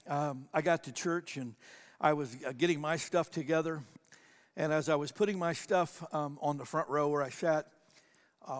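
A pastor preaching a sermon, telling a personal story in an animated way and acting out the people in it. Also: male voice, fairly high pitch. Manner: animated storytelling, acts out quotes. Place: church sanctuary. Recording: long church hall reverb.

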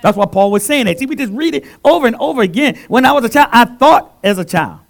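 High, lively preacher in full swing. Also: male voice, fast talker, vocal fry. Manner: call-and-response preaching, swinging from loud exclamations to soft asides. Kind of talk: sermon. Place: church. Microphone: handheld mic.

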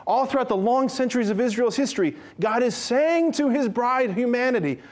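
A young man with a high, bright voice gives a spirited religious talk. He acts out the lines he quotes and banters with the people listening. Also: a little fast, hardly any pauses. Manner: animated, acts out quotes, jokes with audience. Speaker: speaker giving a talk. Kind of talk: lively Catholic teaching talk.

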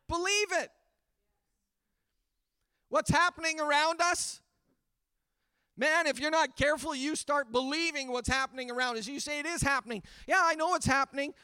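A man's voice: very high voice, normal speed, long pauses, bright, forceful tone, no echo, studio quality. A man preaching a sermon, earnest and building fervor with repeated refrains. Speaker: pastor. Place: church livestream during pandemic.

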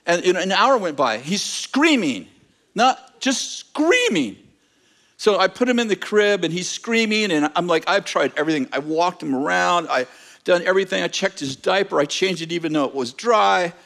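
Middle-aged preacher guy, kinda high voice, tells stories in his sermon, stumbles and restarts, pokes fun at himself. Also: fairly quick, vocal fry. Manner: animated storyteller, self-mocking, repeats words when starting. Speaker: pastor. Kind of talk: sermon with personal story.

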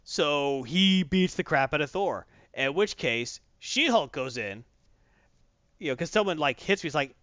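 A man chats casually and retells a comic story with lots of character quotes. His pitch swings widely. The audio is muffled and very dry. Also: unhurried, no room sound. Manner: animated, storytelling, quoting characters. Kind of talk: casual chat recapping a comic. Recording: dull lo-fi, dry.

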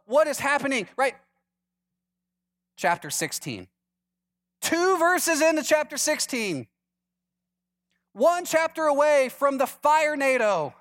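A male pastor preaching a sermon with humor, acting out the people in the story in different voices. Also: high-pitched. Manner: lively, acts out quoted voices for humor.

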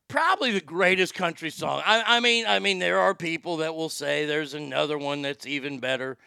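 Gravelly, bright-voiced male talk host. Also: fairly high pitch, brisk, few pauses, no room sound, studio quality. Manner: profane, animated, rambling storyteller. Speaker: podcast host, former sports broadcaster. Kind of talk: casual storytelling monologue.

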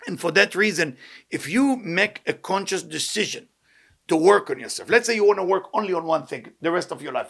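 A man with a non-native English accent gives a Torah lesson at a brisk clip. His voice sits a little high, and his sentences tumble out quickly. He is fervent, full of rhetorical questions, and rattles off Hebrew text readings. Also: sharp tone. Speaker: rabbi teaching a weekly lesson.

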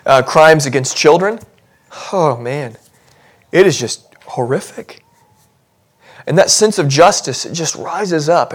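A man delivering a sermon in a church, his voice sitting a little higher than most men's. He talks to the congregation in a loose, conversational way, then builds to animated intensity as he presses his point. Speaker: pastor. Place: church sanctuary.

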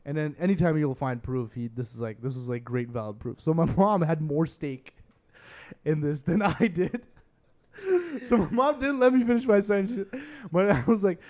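Animated young man telling a story. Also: on the high side, moderate pace. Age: 20s. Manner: animated storyteller, mimics his parents in exaggerated voices. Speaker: podcast co-host. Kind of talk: casual chat.

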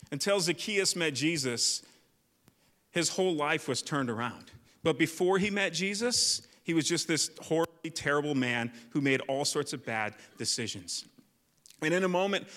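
A man, a youth pastor, telling a lively personal story in a sermon, with lots of likes and restarts. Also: on the high side. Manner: animated storyteller, many fillers. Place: church hall. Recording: long church reverb.

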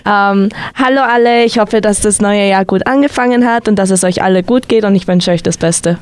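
A young woman guest on a radio show, chatting in a relaxed way and switching easily between languages. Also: mid-range voice, fairly quick, clean tone, no echo. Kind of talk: casual radio chat.

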